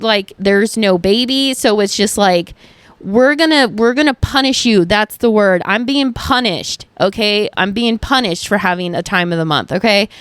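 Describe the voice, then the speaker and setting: A young woman talks straight into the mic in a dry, close recording with no room sound. She hosts her own show and chats casually and frankly, swearing freely. Her talk is animated and packed with fillers and restarts. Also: medium pitch, smooth, no echo. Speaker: podcast host. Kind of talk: casual solo chat.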